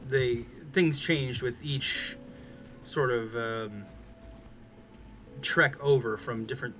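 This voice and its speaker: A man's voice: medium pitch, takes it slowly, a bit bright. A man chatting casually on a stream, rambling with many fillers and restarts. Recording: music playing behind.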